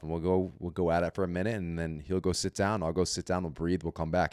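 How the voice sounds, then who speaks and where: Man, podcast co-host, deep voice, teasing blunt chat, dry close mic. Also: flat delivery, fast talker, darkish tone, clean tone, no echo. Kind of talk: casual chat.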